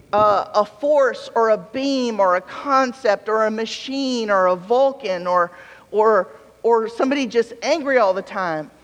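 A man with a strikingly high voice preaches slowly and deliberately, weaving jokey asides into his reading of scripture. His words ring out with the long reverb of a big church sanctuary. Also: fairly bright tone, dull audio. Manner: conversational, with playful asides and scripture read aloud. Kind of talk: sermon. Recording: long reverb of a large hall.

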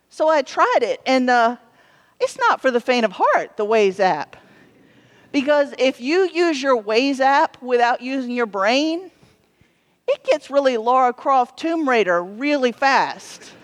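A woman's voice: high voice, very animated, a little slow. A woman pastor preaching a sermon in a humorous, self-deprecating way, with frequent ums and restarts. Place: church sanctuary. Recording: long church reverb.

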